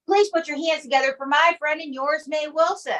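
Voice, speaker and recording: A woman ventriloquist working the crowd with showy, chatty emcee patter. Her voice is high. She sits a little away from the mic. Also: steady tone, a little fast, a bit bright, distant mic, low-quality recording. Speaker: ventriloquist comedian. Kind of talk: comedy stage patter.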